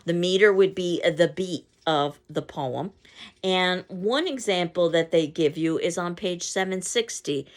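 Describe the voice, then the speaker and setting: Her voice sits on the low side and she takes her time. This teacher, who isn't from the area, lectures on poetry on a recording, explaining casually and reading a poem aloud beat by stressed beat.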